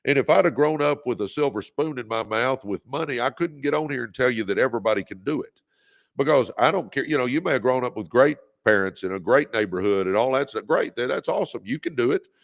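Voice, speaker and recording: A man's voice: medium pitch, expressive, fast. A man hosting a motivational livestream, exhorting viewers and reading out their comments. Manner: preachy, exhorting, leads call-and-response. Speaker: host. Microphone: phone or webcam on a livestream.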